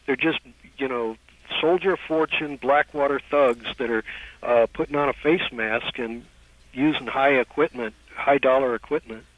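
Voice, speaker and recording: A man's voice: mid-range voice, normal speed, no echo. A man calling into a radio show with an opinionated, rambling argument. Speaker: caller. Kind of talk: call-in radio comment. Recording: muffled phone line.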